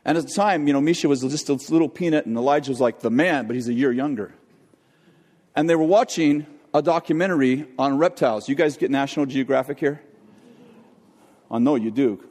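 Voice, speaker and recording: An older man preaching a sermon, telling a jokey family story in an animated way. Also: medium pitch, fairly quick. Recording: long hall reverb.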